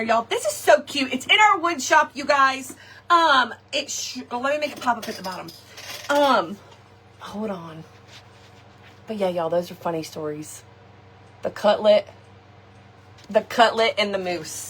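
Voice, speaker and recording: A middle-aged woman, hosting a live crafting chat, animated and laughing often as she tells stories to her viewers. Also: fairly high pitch, a little hiss or hum. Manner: animated, laughing often, folksy slang, talks to viewers directly. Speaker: craft shop host.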